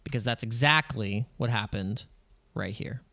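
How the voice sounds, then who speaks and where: On his crypto channel, a man gives casual, excitable commentary over charts, mimicking panicky investors. His voice is medium-pitched and unhurried, recorded dry.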